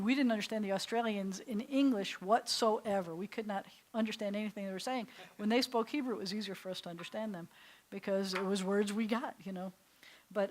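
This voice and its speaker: An older woman with a New York accent teaches a Hebrew class in a synagogue classroom. She talks in a chatty, meandering way, laughing easily, and her voice sits at a middle pitch.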